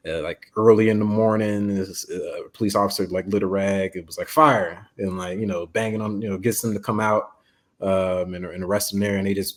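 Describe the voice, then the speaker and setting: A man, a guest writer, telling a story in casual podcast chat, loose and full of fillers. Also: low-pitched.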